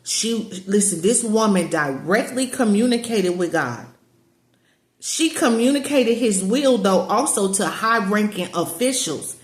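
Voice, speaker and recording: Woman, casual emphatic preaching, mid pitch, roomy echo. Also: lively intonation, unhurried. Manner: emphatic, repetitive, addresses viewers as y'all. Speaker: spiritual teacher and online community leader.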